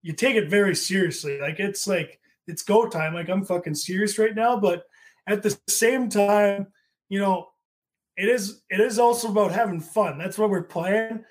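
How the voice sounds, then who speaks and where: Young man, podcast co-host, high voice, laid-back, filler-heavy, swearing. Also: moderate pace. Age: young adult. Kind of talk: casual chat.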